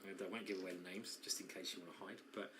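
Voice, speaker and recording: A man's voice: low-pitched, fairly even intonation, racing, pushed and bright, slight background noise. A man commentating live on a chess tournament, chatty and self-mocking, who often breaks into laughter while bantering with his co-host.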